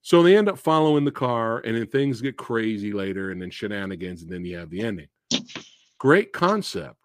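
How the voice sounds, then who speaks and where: A man's voice: fairly low pitch, big pitch swings, fairly quick, noisy background. A man hosting a podcast, chatting casually about movies and ranting with exasperation and profanity. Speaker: podcast host.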